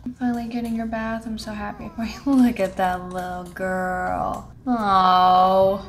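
A woman's voice: mid-range voice, level tone, measured pace, faint music behind. A woman giving casual gameplay commentary, chatty, coaxing and scolding her game characters and laughing often. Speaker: let's play host.

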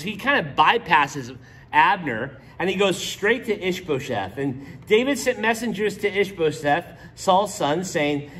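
A man's voice: on the high side, a bit bright, slight background noise. A pastor teaching a casual Bible study, joking with his listeners and acting out the characters' lines. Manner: playful, jokes with the audience and acts out characters' lines.

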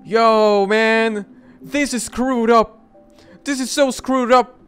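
A man hosting a gaming video and reacting with loud, excited, shocked outbursts. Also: very high-pitched, slow, clean tone, faint music behind. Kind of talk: playing a game and reacting.

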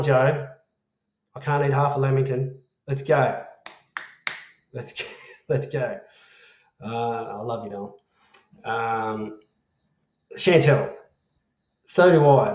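An Australian man hosts a laid-back live chat, reading out comments in a matey voice with the odd swear word. He sits at a middling pitch. The sound is roomy and echoey, with a dull, lo-fi edge. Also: darkish tone. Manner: chatty, matey, swears freely. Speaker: livestream host.

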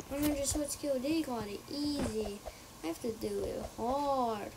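A high-voiced woman talks her way through a video game in an unhurried, drawn-out way, chatting to herself and cursing freely. Her asides sink to muttered whispers. Heavy background noise sits under everything. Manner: talks to herself, swears a lot, shrieks when startled, drops to muttered whispers. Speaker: gamer playing on stream. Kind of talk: casual gameplay commentary.

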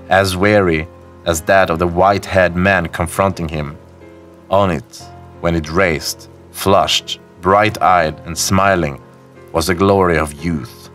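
Deep-voiced man reading a story over music. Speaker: horror story narrator. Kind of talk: scripted narration of a classic story. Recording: faint music bed behind the voice. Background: soft background music.

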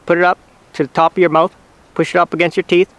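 Smooth-voiced man giving patient how-to tips. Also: high-pitched, no room sound. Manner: relaxed, patient, talks in short halting phrases with fillers. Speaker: hunting channel host teaching turkey calls. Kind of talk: casual how-to instruction.

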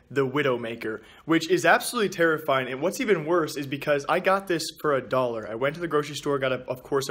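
A young adult man vlogs casually to camera, upbeat and chatty, addressing his viewers as "guys." His mid-range voice has a fairly bright tone. He films at home, in a stairwell and at a gym.

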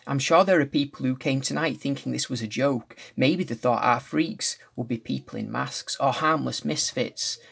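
A man reading aloud as a tall, eerie male circus ringmaster with a low, croaky voice, delivering solemn warnings. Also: moderate pace, hardly any pauses, a bit bright. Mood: ominous.

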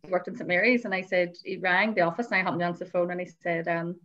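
A woman's voice: fairly low pitch, little pitch movement, racing, a bit bright. A woman chairing a panel discussion, chatty and anecdotal. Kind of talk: conversational panel talk. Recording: dull lo-fi audio.

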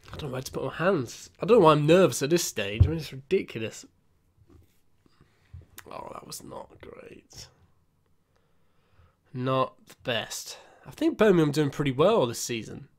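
A young man giving casual, self-mocking commentary while playing a football management game, muttering asides and breaking into excited outbursts. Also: medium pitch. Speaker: gaming YouTuber.

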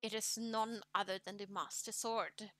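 A woman with a German accent reading aloud the lines of a wise old king who is a talking boat, in a plain, measured way. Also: mid-range voice, steady tone, music in the background, close to an everyday voice. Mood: solemn. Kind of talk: reading game dialogue aloud.

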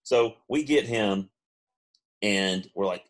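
A man, co-hosting a podcast and telling a long funny story, now and then mimicking friends in high voices. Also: expressive, moderate pace. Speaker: podcast co-host. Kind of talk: casual storytelling.

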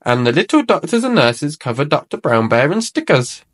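A man reading a children's storybook aloud in an expressive, animated way. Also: on the high side, normal speed, slightly rough.

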